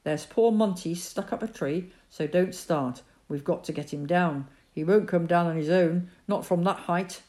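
A woman reading a story aloud, voicing an anxious, fussing middle-aged mother whose voice goes shrill. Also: normal speed, few pauses, dark tone, lightly acted. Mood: fretting. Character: fretful, easily flustered middle-aged mother.

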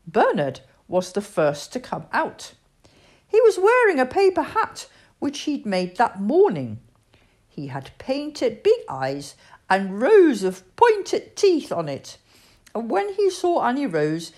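A woman reading a children's storybook aloud, expressive and storytelling with voices for the figures. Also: medium pitch. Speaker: storybook reader.

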